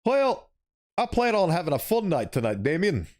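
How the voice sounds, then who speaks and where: A man doing a falsetto fake-sweet girl. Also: sing-song, moderate pace, darkish tone. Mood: saccharine.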